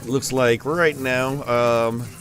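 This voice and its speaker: A man's voice: medium pitch, steady tone, extremely slow, a bit bright, slight background noise. A man giving rambling, playful live commentary on a school esports match. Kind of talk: joking live game commentary.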